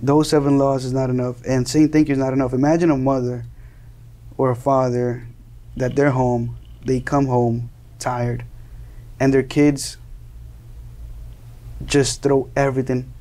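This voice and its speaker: A man's voice: medium pitch, little pitch movement, measured pace, pauses often, mellow. A young man from Colombia, a guest in an interview, earnestly telling his story and often repeating and restarting words as he searches for phrasing. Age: young adult.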